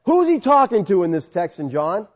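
Emphatic high, lively male preacher. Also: moderate pace, long reverb tail, highs cut off. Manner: emphatic, asks and answers rhetorical questions. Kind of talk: sermon.

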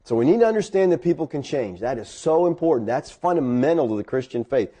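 Animated storytelling male pastor. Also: fast talker, breathy edge. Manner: animated storytelling, rising high when excited. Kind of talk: sermon with personal story.

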